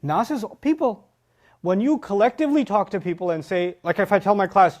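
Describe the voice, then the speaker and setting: Animated man giving a religious lecture. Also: high voice, fast talker. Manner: animated, emphatic, acts out students' voices; quotes Arabic phrases and explains them. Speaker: Quran teacher.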